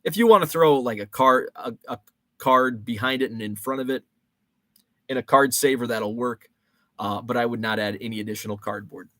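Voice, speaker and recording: A man's voice: mid-range voice, moderate pace, sharp tone, no room sound. A man in his forties hosting a casual rambling monologue, thinking aloud with fillers and restarts. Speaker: show host. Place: home basement.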